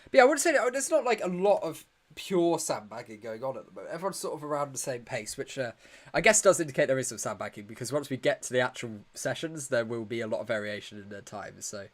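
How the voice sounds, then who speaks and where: A man's voice: medium pitch, very animated, quick pace. Man, livestream host, casual live commentary, teasing, tired, mid-range voice. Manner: chatty, joking, reacting live and answering viewer questions. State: tired, yawning.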